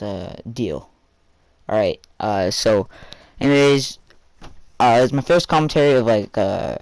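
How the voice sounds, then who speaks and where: A man's voice: mid-range voice, darkish tone, no echo. A teenage boy telling a rambling personal story for a vlog, full of fillers and casual swearing.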